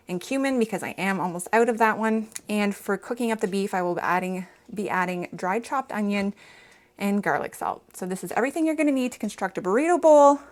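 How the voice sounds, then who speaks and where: A woman in her thirties from Canada, chatting to viewers while cooking in her kitchen, a little out of breath. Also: medium pitch. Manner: chatty, talks straight to viewers. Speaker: home cooking vlogger. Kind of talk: casual cooking vlog chat. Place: home kitchen.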